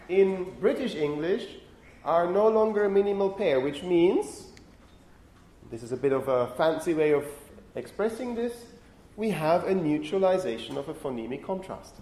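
Male lecturer, animated delivery, fairly high voice, roomy hall sound, explanatory teaching tone. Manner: explanatory, checks in with "okay?". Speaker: university lecturer. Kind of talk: phonetics lecture.

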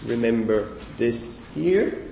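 Lecturer in an echoey hall, heard from afar. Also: male voice, medium pitch, expressive, slow pace, vocal fry, mellow, distant mic, slight background noise. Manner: thinking aloud, frequent okays and fillers, self-correcting. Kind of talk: university lecture.

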